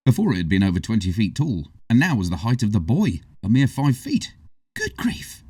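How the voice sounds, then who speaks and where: A man reading a children's story aloud in an expressive, animated way, heard from a distance. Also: lowish voice, fast, slightly rough, dry recording. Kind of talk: storybook narration. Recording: distant, dry.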